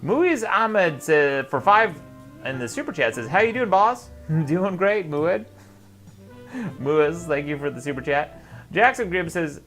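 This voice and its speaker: A male live-stream host with a lively, up-and-down delivery, reading chat messages aloud. He plays the mock tyrant in a sardonic tone and laughs often. Faint music plays behind him. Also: fairly high pitch.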